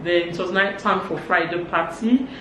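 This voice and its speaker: A woman with a Nigerian accent giving a casual gossip recap, animated and acting out quotes. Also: moderate pace. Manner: animated, acts out quotes in higher voices. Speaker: vlogger. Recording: roomy, distant mic, faint hum.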